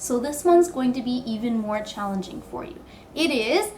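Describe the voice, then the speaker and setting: A woman teaching English pronunciation, drilling words with slow, deliberate, exaggerated enunciation. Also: sits high, echoey room, a little hiss or hum.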